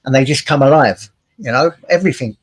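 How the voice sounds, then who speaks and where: A man's voice: mid-range voice, a little fast. A man hosting a livestream, chatting casually and teasing his guests with blokey slang. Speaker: livestream host. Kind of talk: casual chat.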